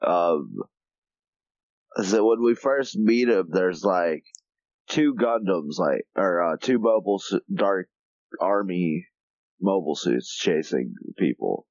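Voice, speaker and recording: A man's voice: low voice, animated, slow pace, a little mellow, no room sound, dull audio. A man co-hosting a podcast, chatting casually, rambling with lots of swearing and filler words. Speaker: podcast co-host. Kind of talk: casual chat.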